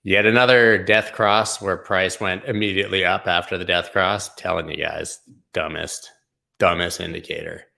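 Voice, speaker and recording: A man with a very low voice, gravelly and full of vocal fry, talks his way through price charts on a live stream. His manner is loose and slangy, wandering from point to point. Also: fairly even intonation, normal speed, bright, forceful tone. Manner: loose, rambling, slangy, hums and sings snippets. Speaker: crypto show host. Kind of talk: casual live chart commentary.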